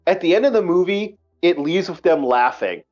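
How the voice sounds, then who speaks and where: A man hosting a casual online book-review chat, emphatic and animated, repeating himself often. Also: high voice, moderate pace, muffled recording. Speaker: podcast host.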